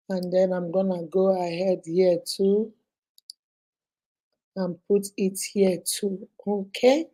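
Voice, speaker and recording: This Nigerian woman in her thirties, hosting a casual stream, chats and greets viewers by name. Her voice is warm and medium-pitched, and a cold is making it a little hoarse.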